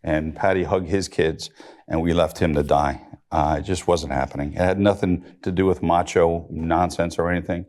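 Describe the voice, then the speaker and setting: Very deep-voiced middle-aged man. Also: steady tone, normal speed, darkish tone. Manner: matter-of-fact storytelling with dry humor. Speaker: rescue police officer, panelist. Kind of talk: recounting a rescue on a panel.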